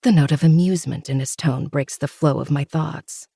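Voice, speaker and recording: Gravelly, dark-toned story narrator. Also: mid-range voice, steady tone, normal speed, no room sound, studio quality. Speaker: podcast host reading a novel. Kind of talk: first-person audiobook narration.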